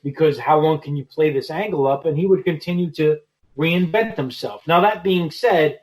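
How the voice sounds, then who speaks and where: A man guesting on a podcast, chatting about wrestling in a relaxed way with lots of fillers. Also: a little high, normal speed, rough recording. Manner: relaxed, heavy on "you know" fillers. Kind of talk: casual wrestling podcast chat.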